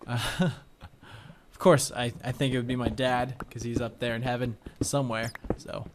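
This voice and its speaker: A young let's play commentator talks about the video game he's playing and drifts into rambling stories packed with fillers. His voice is medium-pitched with fairly even intonation at a normal speed. It's a home recording with audible background noise and clicking sounds.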